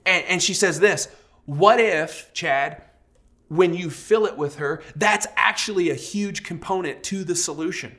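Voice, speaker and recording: A man in his thirties, a pastor, preaching a sermon and telling a personal story in a lively storytelling way. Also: sits high, moderate pace. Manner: storytelling, animated, acts out quoted voices.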